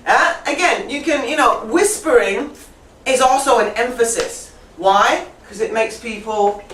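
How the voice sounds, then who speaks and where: A woman teaching an English writing class, playful and quick to laugh, often teasing herself. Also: a little high, a bit bright. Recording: echoey classroom, distant mic, faint hiss.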